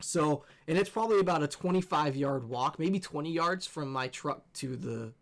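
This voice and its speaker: Animated young man telling a story. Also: a little high, moderate pace. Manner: animated, excitable, swears freely. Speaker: gaming channel host. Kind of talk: casual storytelling over gameplay.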